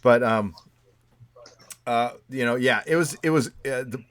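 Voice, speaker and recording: A man's voice: medium pitch, unhurried, noisy background. A man hosting a podcast in casual chat, explaining at length with many fillers. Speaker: podcast host and video editor.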